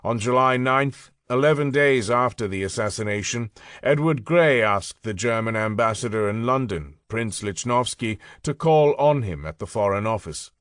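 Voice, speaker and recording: A man reading a history audiobook as scripted narration, measured and deliberate, slowing down to stress key phrases. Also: medium pitch, lively intonation, a bit bright, clean tone, no echo, clean studio sound.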